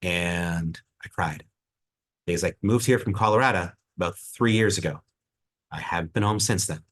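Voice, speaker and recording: A man's voice: low voice, moderate pace, natural voice. A man voicing an earnest Southern woman bartender with a Southern twang, telling a heartfelt story.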